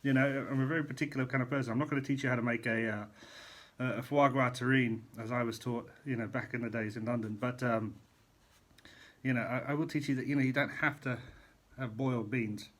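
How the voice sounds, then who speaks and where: Husky chef rambling while he eats. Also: medium pitch, fairly even intonation, a little fast. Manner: chatty, rambling, eating while talking. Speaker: chef vlogger. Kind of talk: casual rambling vlog while eating. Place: hotel room in quarantine.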